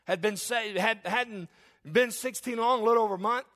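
A man's voice: high voice, moderate pace, a bit bright. A man in his forties preaching a sermon and reading Bible verses aloud, emphatic and given to repeating and restarting his phrases. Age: 40s.

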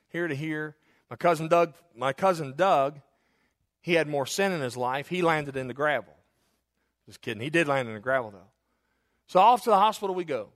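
Folksy man preaching a sermon. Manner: folksy storytelling preacher, swings from loud emphasis to low quiet asides. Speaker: pastor.

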